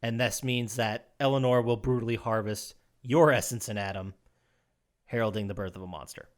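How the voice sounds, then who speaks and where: A man co-hosting a casual podcast, walking his friends through a game's story with animated energy. He breaks into laughter often and restarts his sentences as he goes. His voice sits at an ordinary middle pitch. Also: normal speed. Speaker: podcast co-host. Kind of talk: casual chat recapping a game story.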